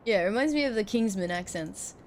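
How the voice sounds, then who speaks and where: A woman's voice: mid-range voice, expressive, quick pace, darkish tone, slight background noise. Playful woman game streamer. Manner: playful, giggly. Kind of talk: live gameplay stream, reading dialogue aloud.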